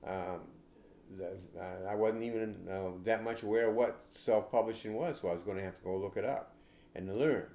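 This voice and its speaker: An older man hosting a podcast, giving casual advice in a rambling, halting way with many restarts. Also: lowish voice, dark tone, reverberant. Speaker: podcast host.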